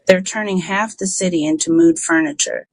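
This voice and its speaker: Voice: mid-range voice, moderate pace, gravelly, slightly rough, no room sound, rough recording. A storyteller voicing a sardonic young activist who makes dry, cutting remarks, in a dry, close audiobook recording.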